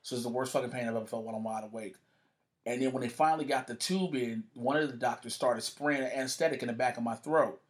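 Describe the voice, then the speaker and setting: He's a guest in a casual conversation, telling a story fast in a mid-range voice. Cursing comes easily to him, and he animatedly acts out each quoted person's voice.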